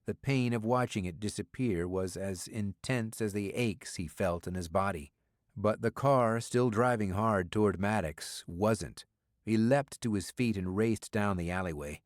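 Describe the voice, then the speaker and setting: A man narrating a spy thriller audiobook in a steady, measured storytelling manner. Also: lowish voice, no room sound, studio quality.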